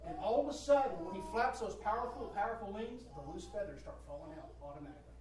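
A man's voice: high-pitched, lively intonation, fast talker, a crowd in the background. A male preacher giving an emphatic sermon, swelling and dropping his voice and repeating phrases for effect. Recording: roomy hall from a distant mic, faint ambience.

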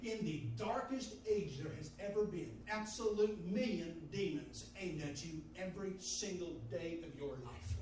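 A man's voice: sits high, a little slow, hardly any pauses, darkish tone, slight background noise. A man preaching a fervent sermon, repeating phrases in call-and-response style. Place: church sanctuary. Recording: roomy, distant mic in a hall.

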